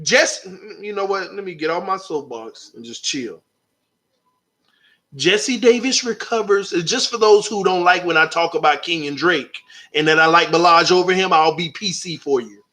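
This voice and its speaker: A man hosting a live sports stream, talking animatedly and arguing with chat comments. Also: high-pitched. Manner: animated, talks back to chat readers. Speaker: sports channel host.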